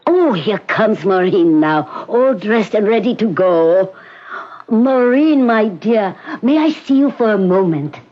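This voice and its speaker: An actor playing a formal, cautious hospital doctor who speaks in a measured, precise way, in 1970s radio drama acting. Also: male voice, high voice, expressive. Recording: dull old radio recording, faint hiss.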